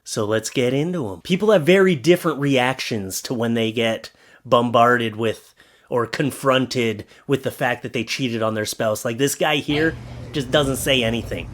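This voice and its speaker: A man hosting a casual reaction commentary, sarcastic and mocking, reading texts aloud in animated voices. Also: medium pitch, moderate pace. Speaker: YouTube host.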